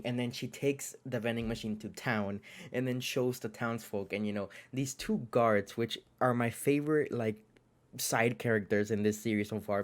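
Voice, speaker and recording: Young man, mid-pitched, chatty reviewer, lots of likes and restarts, excitable jokey asides. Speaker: anime reviewer. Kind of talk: casual video review.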